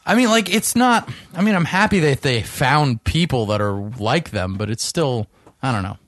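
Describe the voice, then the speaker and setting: A man's voice: medium pitch, expressive, moderate pace, a bit bright, no room sound, clean studio sound. A man from New York hosting a radio talk show, bantering casually and often restarting his sentences. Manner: hesitant, restarts sentences, laughs along.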